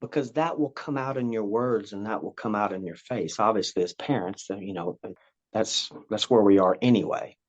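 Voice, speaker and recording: A man's voice: fairly low pitch, normal speed. A man guest explaining a parenting approach in a casual, rambling way, often repeating himself and acting out what parent and child say. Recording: slightly dull lo-fi sound.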